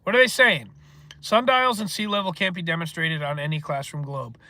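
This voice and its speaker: A man from the northeastern United States hosts a casual livestream, rambling and swearing as he responds to chat comments. His voice is on the high side, brisk and sharp-toned.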